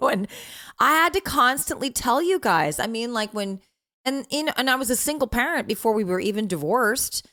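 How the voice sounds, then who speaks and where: Brief: middle-aged mom podcaster, higher voice that swings widely, animated and laughing, swears casually. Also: female voice, normal speed. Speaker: podcast co-host, mother. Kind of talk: casual chat.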